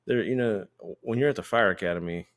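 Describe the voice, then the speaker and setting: A man with a very low voice tells a story in an easy, conversational way. He co-hosts a podcast and talks about his time as a firefighter. Now and then he acts out what the people in the story said. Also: quick pace, over a noisy crowd. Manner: relaxed, anecdotal, acts out quoted lines. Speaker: podcast co-host.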